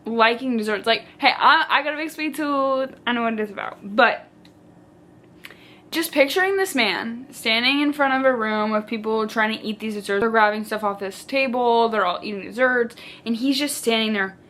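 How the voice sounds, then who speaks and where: A woman's voice: on the high side, normal speed, fairly bright tone. A woman book vlogger chatting casually about her reading, theatrical and full of "like". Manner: chatty and theatrical, heavy use of "like". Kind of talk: casual reading vlog chat.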